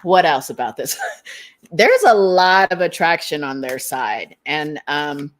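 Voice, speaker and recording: A woman's voice: low voice, animated, slow. A woman giving a casual collective tarot reading, rambling, often laughing and trailing off while she searches for words. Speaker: tarot reader. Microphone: streaming setup.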